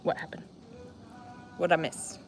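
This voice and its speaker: A woman's voice: measured pace, over music. A woman chatting casually to her viewers in a vlog, breaking off to talk to a dog playing fetch outdoors. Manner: chatty, talks to a dog between asides. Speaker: vlogger.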